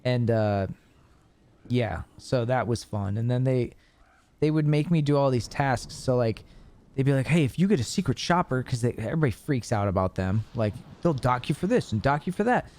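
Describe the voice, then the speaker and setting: Animated, profane young man telling stories. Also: mid-range voice, moderate pace. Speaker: podcast host. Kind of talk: casual chat.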